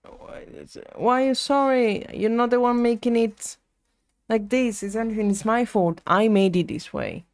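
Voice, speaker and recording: A woman's voice: fairly high pitch, moderate pace, no room sound. A woman streaming live, muttering to herself while she works at the computer and chatting with her viewers. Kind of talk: casual live-stream chat while coding.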